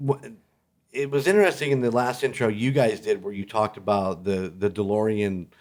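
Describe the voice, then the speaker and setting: A man with a fairly low voice, filling in as a podcast co-host. He chats in an easygoing way and laughs often. He gets animated when a story takes off. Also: moderate pace. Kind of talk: casual podcast chat.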